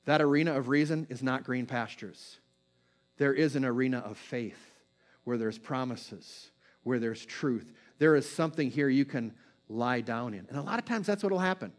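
A man delivering a sermon as a pastor, moving between quick bursts and slow, hushed phrases. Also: medium pitch, soft background music.

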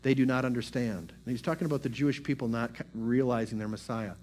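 A man's voice: mid-range voice, steady tone, fast talker, hardly any pauses, a little mellow. Guy pastor preaching casual style, keeps repeating lines to hammer the point. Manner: repetitive, builds emphasis, informal asides. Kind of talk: conversational sermon.

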